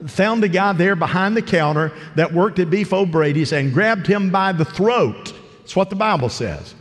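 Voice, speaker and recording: Male pastor, somewhat higher voice, folksy preaching, lingering hall reverb. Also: animated, normal speed. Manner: conversational preaching, acts out parable voices. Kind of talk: sermon. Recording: long reverb of a large hall.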